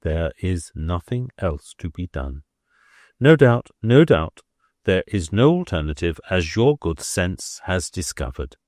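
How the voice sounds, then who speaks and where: A man voicing a smooth, cautious older dean who equivocates and weighs every word. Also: sits low, very animated, measured pace, a little mellow, dry recording, studio quality. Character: smooth, evasive older male church dean.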